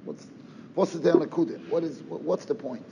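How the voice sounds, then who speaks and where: A man's voice: fairly high pitch, moderate pace, gravelly, mellow. A man giving a Torah lecture, firing off rhetorical questions and sprinkling in Yiddish and Hebrew terms. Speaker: Torah teacher. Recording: roomy reverb, dull lo-fi sound, faint noise.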